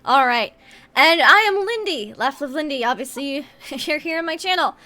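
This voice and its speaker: A woman's voice: high voice, expressive, moderate pace, bright, forceful tone. A woman hosting and running a tabletop game stream, signing off in a bubbly manner with frequent laughs. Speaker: host and game master. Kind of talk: casual stream sign-off.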